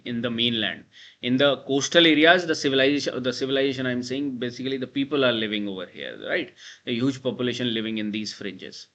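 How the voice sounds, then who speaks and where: An Indian English-accented man teaching a map lecture in a bright, forceful voice. He repeats points and keeps checking in with his students. The recording sounds dull and a bit lo-fi. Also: mid-range voice. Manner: repetitive, drills the listener with frequent "right?" and "guys". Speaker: exam coaching teacher.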